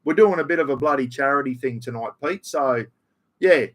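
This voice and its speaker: A man's voice: medium pitch, fairly quick. A middle-aged Australian man chatting casually on his livestream, reading out chat comments in a broad, blokey way. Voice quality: broad, blokey, says "mate" and "bloody" a lot. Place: room at home with aircon.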